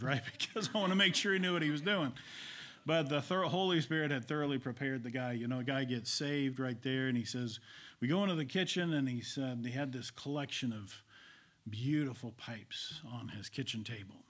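Husky-voiced male preacher telling stories. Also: mid-range voice, lively intonation, moderate pace. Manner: storytelling, swings between loud and whispered. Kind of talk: sermon.

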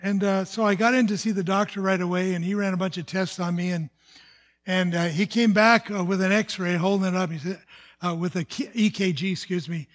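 A man's voice: high voice, fairly even intonation, fairly quick. An older man from the United States, a pastor, telling a personal testimony in an earnest storytelling sermon, often restarting his sentences.

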